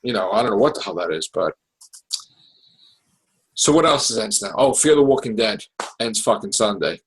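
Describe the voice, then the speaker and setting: A man hosting a casual podcast chat, recapping TV shows in an excitable, profane, animated way. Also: lowish voice, moderate pace, rough recording. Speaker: podcast host.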